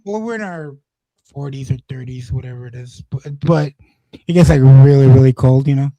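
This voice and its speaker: A man's voice: mid-range voice, moderate pace, warm tone, no echo, dull audio. A man hosting a livestream, chatting loosely and swearing, laughing through his stories. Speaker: livestream host. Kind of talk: casual stream chat.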